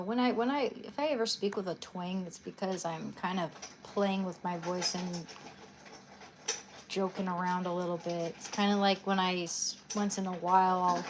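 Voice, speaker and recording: A woman's voice: medium pitch, a little hiss or hum. Chatty young woman live streaming from home. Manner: chatty, rambling asides. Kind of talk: casual live-stream chat. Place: bedroom at home.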